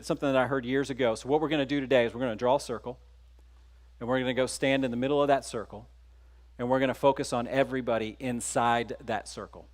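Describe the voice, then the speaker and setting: A middle-aged man from Texas giving a conference keynote, telling a story in a conversational way and putting questions to the audience. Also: mid-range voice. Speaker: keynote speaker. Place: conference stage.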